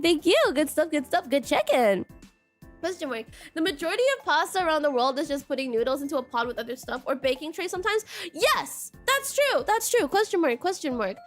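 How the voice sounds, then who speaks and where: A woman's voice: high-pitched, sing-song, fairly quick, a bit bright, soft background music. A woman streamer chatting casually with her viewers, giggling and stumbling over words as she laughs at herself. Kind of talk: casual live-stream chat.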